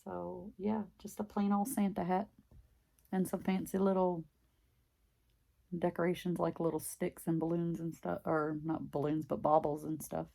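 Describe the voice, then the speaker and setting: Low gravelly woman, deep Southern drawl. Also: level tone, normal speed, dark tone. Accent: deep Southern US country. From Mississippi, US. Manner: rambling, chatty, filler-heavy. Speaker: craft vlogger. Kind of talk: casual chat while stitching.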